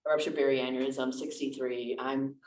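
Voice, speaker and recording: A woman's voice: very deep voice, little pitch movement, normal speed, a little mellow. A woman minister giving a conversational lecture full of personal stories, candid and chatty with lots of restarts and asides. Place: church lecture room. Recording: echoey room, distant mic.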